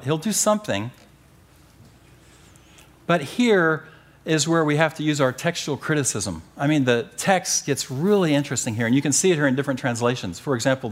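Middle-aged guy preaching a bible lesson, kinda high voice, jokes around, punches up the big lines. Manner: animated, joking, rising emphasis on key phrases. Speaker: preacher teaching a Bible class. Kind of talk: sermon-style Bible teaching.

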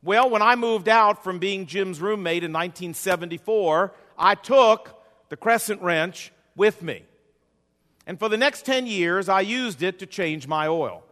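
A man's voice: high voice, measured pace, a bit bright. A male pastor preaching a sermon with a folksy storytelling style and a repetitive cadence, in a church sanctuary. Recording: long hall reverb.

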